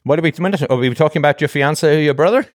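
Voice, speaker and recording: A man's voice: a little high, fast talker, dry recording, clean studio sound. A man hosting an advice conversation, pressing a caller with probing questions and acting out quoted voices. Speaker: host.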